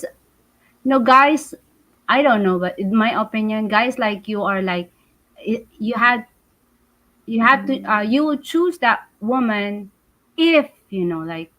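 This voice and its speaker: A woman hosting a casual interview, asking halting questions full of fillers. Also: a little high, expressive, a bit bright, poor audio. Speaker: interviewer, show host.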